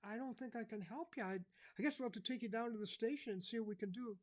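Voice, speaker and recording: Brief: a man playing a kindly cop, high-pitched, stammering gently at a lost kid. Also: fast talker. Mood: coaxing. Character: kindly, fumbling male police officer.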